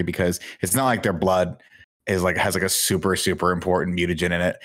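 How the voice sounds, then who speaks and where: Low-voiced man with a wry recap. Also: little pitch movement, fast, dry recording, studio quality. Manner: wry, sarcastic storytelling. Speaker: podcast co-host. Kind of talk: casual movie recap chat.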